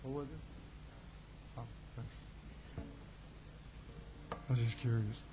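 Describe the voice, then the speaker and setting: A male singer-songwriter making casual, soft-spoken, low-key banter on stage between songs, rambling through a joke. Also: steady tone, slow pace, noisy background. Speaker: singer-songwriter performing live. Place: live music venue. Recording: dull lo-fi live bootleg with guitar.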